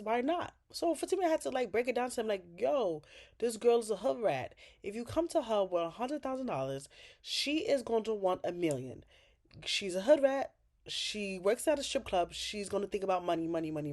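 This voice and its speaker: A woman chatting through a TV recap in a loose, casual way. Her voice sits mid-range and leaps up loud for outraged asides. She swears freely and talks straight to the characters. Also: mid-range voice, normal speed. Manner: animated, swearing, scolding characters as "girl". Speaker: TV recap vlogger.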